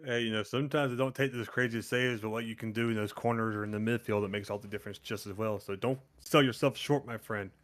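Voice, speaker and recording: A man's voice: fairly low pitch, steady tone, quick pace, hardly any pauses. Joking man hosting a post-match chat. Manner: joking, chatty, folksy. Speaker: show host and team manager. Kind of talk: casual post-match interview.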